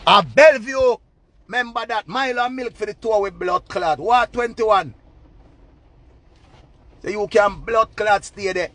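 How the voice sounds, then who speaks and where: A man with a Jamaican accent in a loud, profane, repetitive rant giving relationship advice. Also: sits high, a little slow, long pauses, no echo. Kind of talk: ranting monologue.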